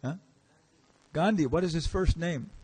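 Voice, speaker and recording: A man's voice: on the high side, measured pace, a little mellow, breathy edge. A man giving a casual, storytelling lecture in a temple hall, acting out the characters he quotes and asking the audience questions. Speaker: visiting lecturer.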